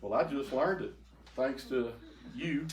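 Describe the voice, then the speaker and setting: An older man telling an emotional personal testimony to a group, halting and repeating words as he goes. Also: mid-range voice. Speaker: speaker giving a testimony. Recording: echoey room, faint noise.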